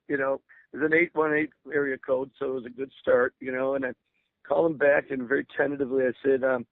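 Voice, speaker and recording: An older man with a gravelly voice tells stories as a guest on a radio show. He speaks eagerly, restarting words and laughing as he goes. His voice comes over a narrow, tinny phone line with no room sound. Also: medium pitch, fairly even intonation, fast talker, no room sound. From Berwyn, Illinois, USA. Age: 60s. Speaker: guest musician. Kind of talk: radio interview storytelling.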